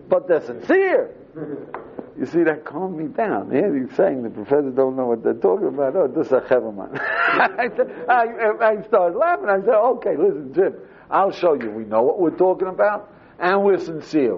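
An older man, a rabbi, telling a story with lively acted-out dialogue, on a dull lo-fi recording. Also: fairly high pitch, moderate pace. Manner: animated storyteller acting out dialogue. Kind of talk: storytelling talk. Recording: dull lo-fi recording with faint ambience.

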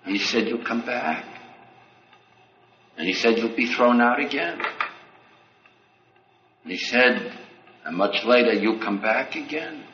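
A man giving a religious lecture, firing rhetorical questions and acting out quoted dialogue. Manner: rhetorical questions, acts out dialogue with sweeping pitch. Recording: echoey, dull lo-fi recording with faint noise.

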